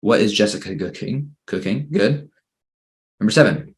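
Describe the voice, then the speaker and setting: A patient man leads an English grammar lesson for children over a computer microphone, his voice sitting fairly low. He reads each exercise out slowly and encourages every answer. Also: expressive. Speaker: English teacher.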